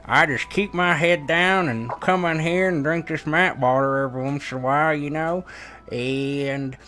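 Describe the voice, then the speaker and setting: A man's voice: fairly high pitch, extremely slow, sharp tone, heavily acted. A man voicing a lonely, toothless old man who rambles in a gummy, folksy drawl. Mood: rambling lonely. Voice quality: gummy, lisping, toothless mumble.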